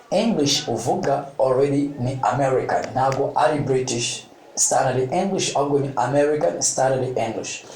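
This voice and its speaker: A man's voice: fairly high pitch, darkish tone, distant mic, slight background noise. Man teaching English, echoey room. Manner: repeats points in two languages, asks "okay?" often. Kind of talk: bilingual language lesson.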